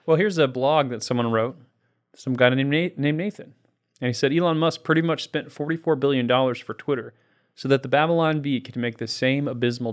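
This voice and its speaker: Male podcast host, mid pitch, upbeat, casual chat delivery.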